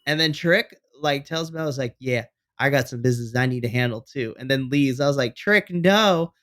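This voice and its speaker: A man's voice: medium pitch, steady tone, brisk, fairly bright tone. A man co-hosting a wrestling review podcast, playful and camp, acting out quotes in casual chat. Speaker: podcast co-host.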